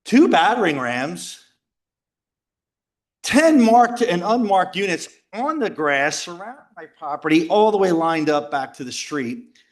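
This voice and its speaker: A middle-aged man tells a story at a men's retreat, joking with the room and acting out other people's lines. His voice sits a little high and swings widely in pitch. He keeps the telling animated throughout. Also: measured pace. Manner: animated, jokey, acts out quoted voices and shouts. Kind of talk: lively storytelling talk. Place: retreat house talk before a live audience.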